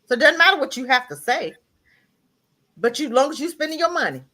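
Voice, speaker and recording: A woman's voice: high-pitched, big pitch swings, fairly quick, bright, forceful tone. A woman on a discussion panel chatting and retelling a story. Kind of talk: casual storytelling.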